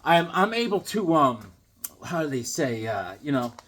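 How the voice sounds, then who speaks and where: Excitable goofy man unboxing comics. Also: on the high side, unhurried. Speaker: comics vlogger unboxing a package. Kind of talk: casual unboxing vlog.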